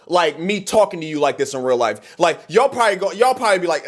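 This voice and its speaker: A man rants at the camera in a heated, profane video monologue, his voice swinging widely from high to low. He sits somewhat high for a man, and the talk stays animated throughout. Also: quick pace, few pauses. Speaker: content creator.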